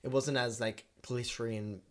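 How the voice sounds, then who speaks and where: A man's voice: mid-range voice, steady tone, moderate pace. A man co-hosting a podcast, chatty and opinionated, swearing freely in casual chat. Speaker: podcast co-host.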